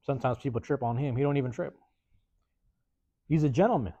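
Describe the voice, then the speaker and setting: Speaking fairly quickly at a medium pitch, a male podcast host from the West Coast spins a casual, slang-heavy, profane story, sprinkling in "man" and "bruh." He mimics the neighbors he quotes with animated put-on voices. The recording is close, dry and dull, without echo.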